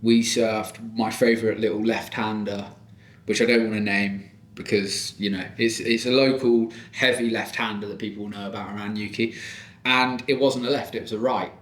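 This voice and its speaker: A man, a surfboard shaper chatting as a podcast guest, telling animated stories and laughing often. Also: fairly low pitch, moderate pace. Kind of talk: casual podcast chat. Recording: roomy echo.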